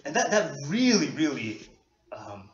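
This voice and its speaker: A man from New York preaching a casual, animated sermon, self-deprecating and laughing often. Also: fairly high pitch, unhurried. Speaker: pastor. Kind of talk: conversational sermon. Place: church hall. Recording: echoey dull lo-fi hall recording.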